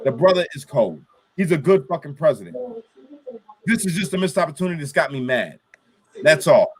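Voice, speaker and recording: A man's voice: fairly high pitch, expressive, fairly quick. A man hosting a casual political chat, angry, swearing and ranting. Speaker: show host.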